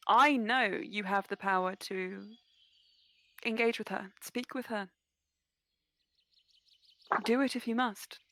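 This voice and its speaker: A woman's voice: mid-range voice, slow, pauses often, pushed and bright, dry recording. A woman voicing a confident fey woman in a tabletop game, plain and firm.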